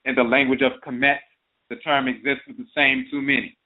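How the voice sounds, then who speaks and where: A man's voice: mid-range voice, level tone, brisk. A man hosting an internet radio talk show, explaining terms methodically in a lecture style, listing one variant after another. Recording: phone-line audio.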